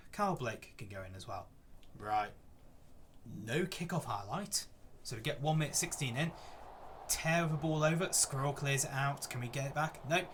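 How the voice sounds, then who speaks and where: This young man, a gaming YouTuber, has a medium-pitched, somewhat bright voice, with a little background noise in the recording. He chats casually through his football management game, quickly irritated whenever play goes badly.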